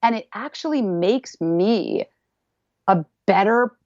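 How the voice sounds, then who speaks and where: Speaking slowly at a medium pitch with a darkish tone, a woman who teaches dance sounds animated as a podcast guest in a relaxed interview. She repeats phrases for emphasis and acts out voices. The recording is dry with no room sound, dull and a little lo-fi.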